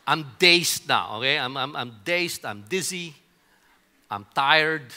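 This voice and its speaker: A man's voice: medium pitch, a little slow, pushed and bright. A middle-aged male pastor preaching a sermon and telling a personal story in a conversational way, often restarting with repeated words. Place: church auditorium.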